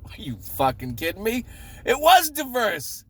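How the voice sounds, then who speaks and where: A man with a Boston accent telling a story in a profane, sarcastic, animated rant. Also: high voice, measured pace, husky. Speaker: vlogger. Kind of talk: ranting story time.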